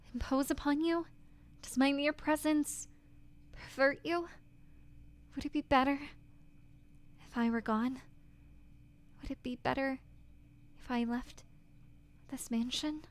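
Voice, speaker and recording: A woman's voice: high-pitched, fairly even intonation, takes it slowly, long pauses, voice pushed up. A woman voicing a distraught young woman who stammers and pleads, reading game dialogue aloud. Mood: despairing. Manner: trembling, stammering, breaking into whispers.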